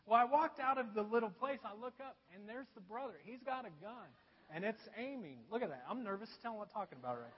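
A man with a strikingly high voice delivers a sermon, spinning a funny self-deprecating anecdote for his congregation. The sound is dull and muffled, and a long hall reverb trails behind each phrase. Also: lively intonation, fast talker. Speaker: pastor. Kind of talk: sermon with personal storytelling. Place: church.

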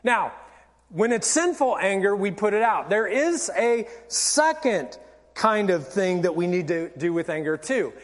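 A male pastor giving an animated, theatrical sermon, acting out everyday examples. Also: high-pitched, a little slow. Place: church sanctuary. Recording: long church reverb.

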